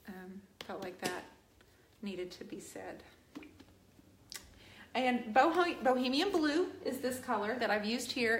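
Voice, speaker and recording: An earnest woman hosts a live painting stream and talks straight to her viewers with emphasis. Her voice sits fairly high. The room around her has a noticeable echo. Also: a bit bright. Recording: roomy echo.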